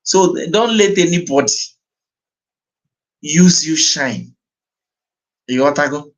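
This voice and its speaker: Slow earnest Nigerian man commenting. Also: a little high, expressive, poor audio. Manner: earnest, repeats himself, mixes English with Igbo. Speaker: livestream host. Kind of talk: commentary on a played clip.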